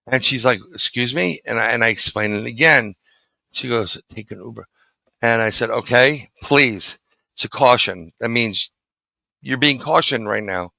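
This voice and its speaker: A man's voice: mid-range voice, normal speed, vocal fry, pushed and bright, dry recording, rough recording. A middle-aged man from New City, telling a story as a guest in a casual interview and acting out the dialogue. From New York City.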